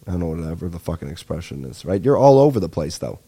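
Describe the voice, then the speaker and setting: A young man rants through a comedy podcast monologue, rambling, excitable and freely profane. His voice sits on the low side and has a mellow, relaxed tone. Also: quick pace, slightly rough. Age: 20s. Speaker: podcast host.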